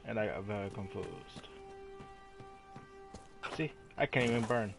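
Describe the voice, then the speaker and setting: A man's voice: on the low side, unhurried, gravelly, long pauses, music in the background. A man hosting a gaming channel, giving playful, rambling let's-play commentary and joking about himself. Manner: playful, rambling, self-mocking.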